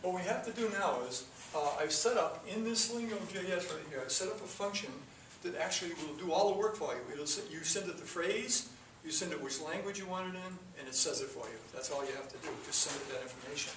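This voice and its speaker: A man's voice: fairly high pitch, quick pace, hardly any pauses, a bit bright. Man lecturing a coding class, rambly, echoey room, lots of background hiss. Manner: rambling, with fillers and restarts. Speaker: programming teacher. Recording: echoey room from far off, noisy.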